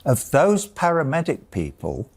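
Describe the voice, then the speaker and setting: A man's voice: mid-range voice, wildly swooping pitch, normal speed, a little mellow. An older man arguing heatedly as a guest, insistent and talking over interruptions. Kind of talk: heated debate.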